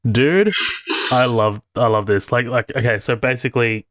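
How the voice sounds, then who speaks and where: A man's voice: medium pitch, level tone, a little fast, fairly bright tone. A man co-hosting a casual movie podcast, recapping scenes with enthusiasm, swearing and laughing. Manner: enthusiastic, profane, laughs a lot, recaps the plot. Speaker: podcast co-host.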